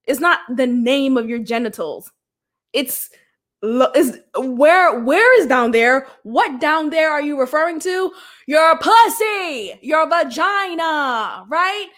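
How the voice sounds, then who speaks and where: A woman's voice: sits high, expressive, slow pace, a bit bright. A young adult woman hosting a podcast, talking bluntly and frankly with swearing and laughs. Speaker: podcast host. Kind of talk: candid solo podcast talk.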